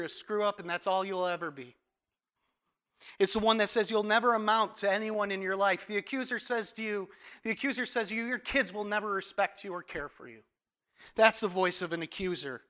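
A man preaching a conversational sermon, acting out little quotes and dropping to soft, intense tones for emphasis. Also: high voice. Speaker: pastor.

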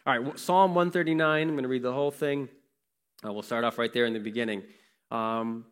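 A man's voice: mid-range voice, fairly even intonation, fairly quick, a bit bright, clean tone. A man preaching a sermon to a congregation, telling a story in a conversational way and putting questions to the listeners. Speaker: pastor. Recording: long reverb of a large hall.

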